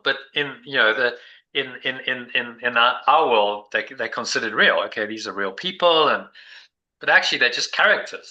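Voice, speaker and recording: A man's voice: medium pitch, normal speed, pushed and bright, rough recording. A man leading a spiritual discussion group, talking in a meandering, reflective way with many restarts. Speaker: meditation group leader.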